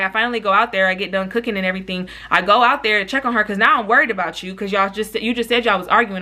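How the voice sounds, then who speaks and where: A young woman telling a storytime vlog in a casual, animated, frank way, full of slang and cursing, speaking straight to her viewers. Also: mid-range voice. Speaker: YouTuber.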